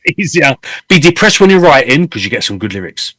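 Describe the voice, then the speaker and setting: A man in his fifties, a singer hosting a casual interview, talking candidly and telling stories with animated swearing. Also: mid-range voice, fast, dry recording. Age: 50s. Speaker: host and singer.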